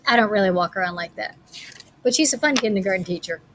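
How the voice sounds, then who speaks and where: A woman teacher reading a picture book aloud to children in a playful, expressive way. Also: medium pitch, fast talker, a little hiss or hum.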